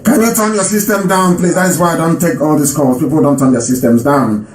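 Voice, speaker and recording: A man's voice: fairly high pitch, fairly even intonation, a little fast, a little hiss or hum. A man from Nigeria hosting a live radio broadcast and taking calls, speaking emphatically and repeating phrases for stress. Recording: roomy echo.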